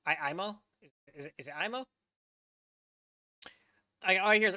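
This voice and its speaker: A rambling American man reacting to a video, his voice bright and forceful. He trips over his words, repeats himself and stuffs "like" into every sentence. The sound is close and dry, with no room around him. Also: sits high, a little fast, pauses often, dry recording. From United States. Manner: rambling, stammering restarts, heavy use of "like"; incredulous, swearing. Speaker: VTuber reaction host. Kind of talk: casual reaction commentary.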